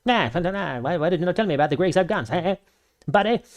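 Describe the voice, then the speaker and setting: Cartoon Persian king with a put-on Canadian accent, high and silly, a man doing the voice. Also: animated, fast. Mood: goofy.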